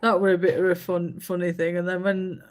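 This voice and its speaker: A woman's voice: lowish voice, little pitch movement, fairly quick, a little mellow, a little hiss or hum. A woman, chatting casually on a livestream and telling stories with many fillers. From England. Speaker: livestream host. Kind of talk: casual chat while colouring.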